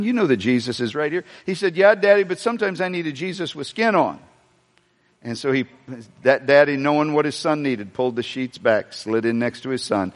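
A man preaching a sermon to a congregation, joking and asking the room questions as he goes. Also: on the high side. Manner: animated preaching with humor and asides to the congregation. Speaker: pastor. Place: church sanctuary before a congregation. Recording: long hall reverb.

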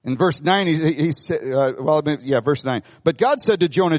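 A man's voice: a little high, moderate pace, hardly any pauses. A male pastor preaching a conversational sermon in a church hall, asking the congregation questions.

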